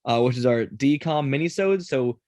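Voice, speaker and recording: A man's voice: mid-range voice, lively intonation, a little mellow, no echo. A man hosting a podcast, chatty and running the segments in casual talk. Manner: quick, chatty, runs the segments. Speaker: podcast host. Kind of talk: casual chat.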